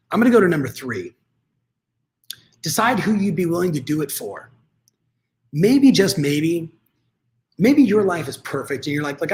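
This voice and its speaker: Upbeat guy doing a motivational coaching talk, bit higher voice, chatty and direct. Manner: energetic, conversational, addresses audience directly. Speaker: real estate coach.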